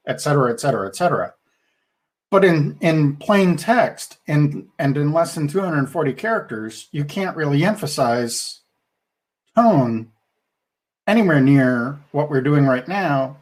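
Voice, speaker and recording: Slow, musing podcast man. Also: a little high, lively intonation, a little mellow. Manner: thoughtful, rambling with restarts. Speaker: podcast co-host. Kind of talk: casual podcast discussion.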